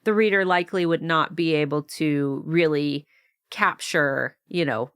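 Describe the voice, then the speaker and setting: A woman from the United States co-hosting a podcast in casual chat, talking in quick restarts. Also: low-pitched, fairly bright tone, clear, resonant tone, no echo, studio quality. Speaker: podcast co-host.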